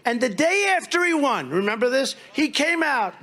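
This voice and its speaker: A man's voice: very high-pitched, big pitch swings, normal speed, pushed and bright. A man giving a rally speech as a political speaker, telling rambling, mocking stories and acting out the dialogue.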